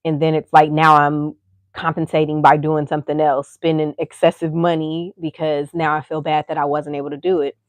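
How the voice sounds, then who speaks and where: A woman with a low, deep voice talks in a loose, rambling way and keeps dropping "you know" into her sentences. The sound is dry and close, with no room echo. She speaks as a podcast host sharing frank thoughts. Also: little pitch movement, brisk. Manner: candid, rambling, full of "you know" asides. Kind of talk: casual chat.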